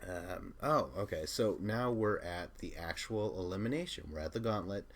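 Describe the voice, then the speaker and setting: A man's voice: sits low, moderate pace. A man hosting a podcast, chatting casually through a recap, often laughing and retelling scenes with quoted lines. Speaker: podcast host.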